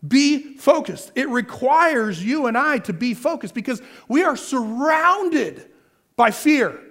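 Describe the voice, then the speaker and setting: Taking it slowly, a pastor delivers his sermon in a very high voice with lively intonation and a fairly bright tone. He's repetitive, throwing questions to the crowd, answering them himself, and restating key phrases.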